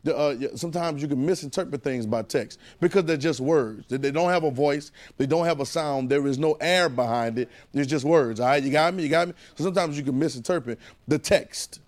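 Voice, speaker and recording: A man preaching a sermon in call-and-response style, repeating phrases and swinging between loud and hushed delivery. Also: a little high, fairly quick, hardly any pauses.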